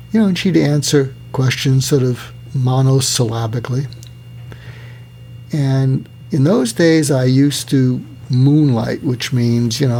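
Gravelly-voiced man telling a story. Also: medium pitch, dark tone, slight background noise. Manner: acts out quoted voices, slows down for emphasis. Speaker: psychiatrist. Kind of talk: storytelling talk.

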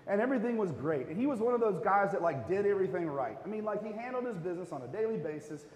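A man's voice: high-pitched, animated, quick pace, darkish tone, a little hiss or hum. A male pastor preaching a sermon in a casual, conversational way with filler words. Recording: echoey hall reverb.

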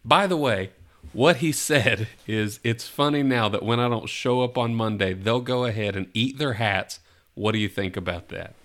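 A man with an ordinary mid-range voice hosts a relaxed chat. He runs a guessing game and drops playful hints, chuckling now and then. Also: mid-range voice, moderate pace. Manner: teasing, gives hints, chuckles. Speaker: podcast host running a guessing game. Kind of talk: casual chat.

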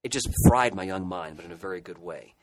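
Middle-aged male co-host, slightly low voice, discursive nostalgic chat. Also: fast, no echo, low-quality recording. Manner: nostalgic, rambling reminiscence. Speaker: podcast co-host. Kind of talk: casual chat.

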